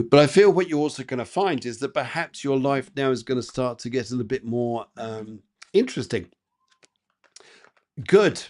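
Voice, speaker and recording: A man doing live psychic readings for chat viewers, chatty and encouraging, with lots of fillers and restarts. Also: mid-range voice.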